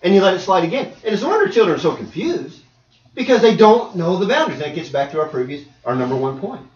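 Animated high-voiced male preacher. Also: fast. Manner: animated, acts out voices and dialogue. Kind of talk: sermon. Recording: echoey hall, distant dull mic.

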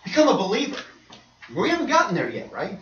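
A middle-aged man preaching a sermon, swinging between quiet asides and loud, emphatic points. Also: high-pitched, wildly swooping pitch, quick pace. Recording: roomy, distant and dull with faint noise.

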